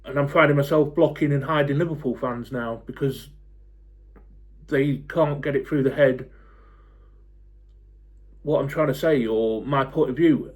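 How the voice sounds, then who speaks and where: A man's voice: mid-range voice, moderate pace. Blunt man in his forties. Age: 40s. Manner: blunt, swears freely, many filler ums. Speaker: football fan YouTuber. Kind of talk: casual to-camera rant.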